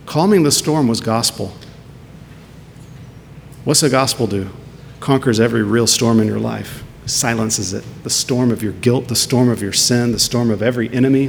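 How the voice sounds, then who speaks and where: A man preaching a sermon as pastor, earnest and full of rhetorical questions. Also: vocal fry. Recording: long hall reverb with faint rumble.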